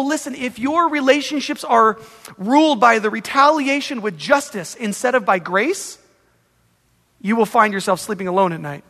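A man's voice: high voice, fairly bright tone, in a large hall. A male pastor preaching an emphatic, conversational sermon, with acted-out examples from everyday life.

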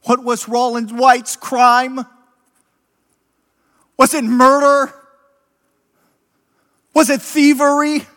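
A man preaching a sermon as a story, slow and deliberate, rising to impassioned emphasis. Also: extremely high pitch, level tone, a bit bright. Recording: long hall reverb.

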